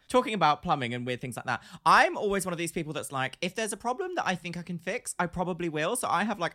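A woman's voice: low voice, a bit bright. A woman co-hosting a podcast, chatting casually with playful asides. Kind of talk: casual storytelling chat.

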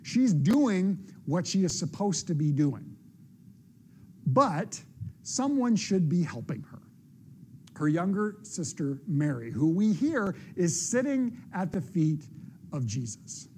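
A man's voice: high voice, sing-song, slow pace, dark tone, slight background noise. A male pastor preaching a sermon in a conversational, explanatory way.

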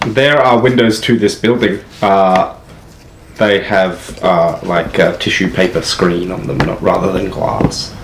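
A man narrating a tabletop game as game master, halting often with filler sounds. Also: sits low, steady tone. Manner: halting, many filler uhs. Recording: echoey room with noise.

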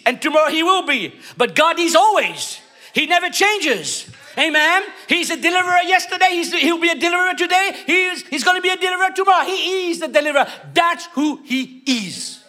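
A man preaching a sermon, emphatic and call-and-response, often rising to shouts. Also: very high voice.

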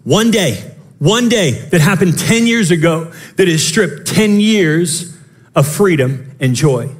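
Man, pastor, sermon, high voice, impassioned, quick asides, shouts. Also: lively intonation. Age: young adult to middle-aged, father of children.

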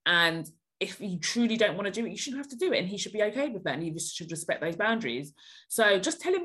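A woman's voice: mid-range voice, very animated, quick pace, fairly bright tone, husky. A woman hosting a podcast, giving blunt, emphatic advice in casual chat.

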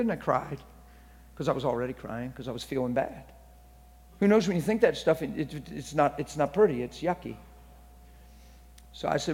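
A man preaching a sermon in a church hall, telling stories in a voice that drops to hushed near-whispers and then rises to loud, excited bursts. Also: fairly high pitch, normal speed, long pauses. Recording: long hall reverb.

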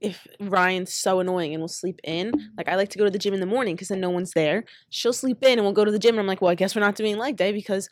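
A woman's voice: medium pitch, fairly even intonation, quick pace, hardly any pauses, slight background noise. A woman of twenty-two chatting and giggling as a guest on a casual podcast.

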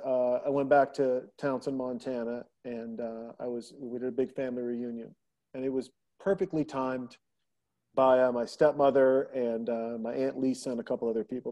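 A middle-aged man telling family stories in a casual podcast conversation, acting out the quoted voices of the people in them. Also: medium pitch. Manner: animated, acts out quoted voices of his daughter.

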